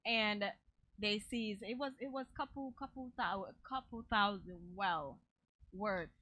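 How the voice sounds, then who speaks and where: A woman's voice: mid-range voice, unhurried, bright, forceful tone, no echo. A woman from Jamaica co-hosting a talk show, chatting casually and laughing often. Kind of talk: casual chat.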